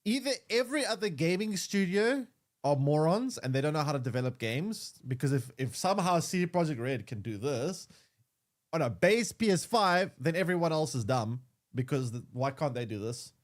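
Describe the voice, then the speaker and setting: Rambling, animated young streamer guy. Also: fairly high pitch, normal speed. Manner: rambling, with stammered restarts and repeated words. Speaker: gaming streamer. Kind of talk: casual gaming commentary.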